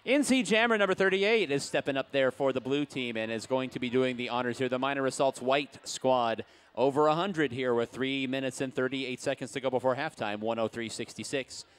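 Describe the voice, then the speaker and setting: A man's voice: mid-range voice, fairly quick, smooth. Chatty man calling derby play-by-play. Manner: chatty play-by-play with jokes, hypes the crowd. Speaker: roller derby announcer. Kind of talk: live sports commentary.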